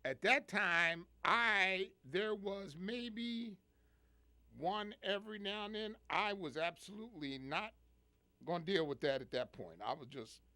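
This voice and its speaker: A man hosting a call-in radio show, telling stories in an animated way and laughing often. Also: high-pitched, a little slow, no echo. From United States. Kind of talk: call-in radio chat, storytelling.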